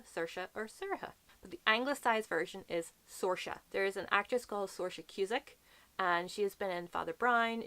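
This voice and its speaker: A young woman with a Northern Irish accent in a casual book vlog, chatting and slowly spelling out how names are said. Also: mid-range voice, a bit bright, no room sound. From Northern Ireland. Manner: chatty, explaining slowly and repeating words. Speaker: book vlogger.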